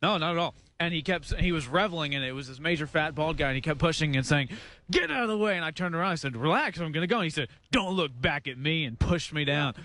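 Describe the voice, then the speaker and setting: A man, a reporter, giving a rapid, breathless eyewitness account. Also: on the high side, sharp tone, dry recording.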